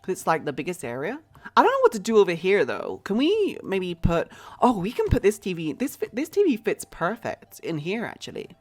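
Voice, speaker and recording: A woman's voice: medium pitch, huge pitch swings, a little fast. A woman putting on an American accent to play a brash mother who runs a store in a life-simulation game. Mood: chatty. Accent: put-on American. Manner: playful, exaggerated role-play in a fake accent.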